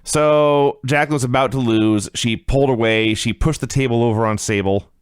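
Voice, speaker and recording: A man co-hosting a casual podcast, recapping wrestling with sarcastic, animated commentary. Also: medium pitch, normal speed, clear, resonant tone, dry recording, studio quality. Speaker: podcast co-host reviewing wrestling.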